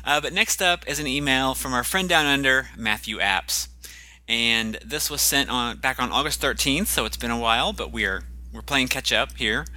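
A man's voice: mid-range voice, normal speed, bright, forceful tone, no room sound. A man co-hosting a podcast in casual chat, talking in a hesitant, self-deprecating way with frequent ums and restarts. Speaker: podcast co-host.

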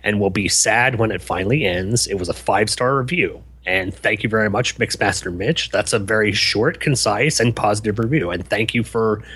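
Husky, low-voiced podcast co-host. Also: male voice, a bit bright. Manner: easygoing, wry, quick to laugh. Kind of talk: casual podcast chat.

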